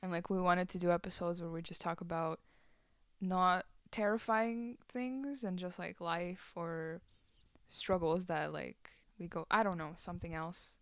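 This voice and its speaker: A woman's voice: fairly low pitch, fairly even intonation, a little slow, clear, resonant tone, no echo, clean studio sound. Laid-back nineteen-year-old woman podcaster. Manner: laid-back, swears casually, trails off with fillers. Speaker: podcast co-host. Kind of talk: casual chat.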